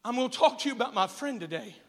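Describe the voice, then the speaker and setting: A man preaching a sermon as pastor, emphatic and rising to shouts on key phrases, then dropping to soft asides, in a church sanctuary. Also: extremely high pitch, animated, fast talker. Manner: drops to soft, hushed asides. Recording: long hall reverb.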